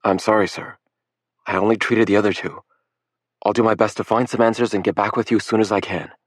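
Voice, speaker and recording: A man voicing a calm, apologetic hospital doctor. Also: fairly low pitch, fast talker, no echo, studio quality, voice pushed up, natural voice.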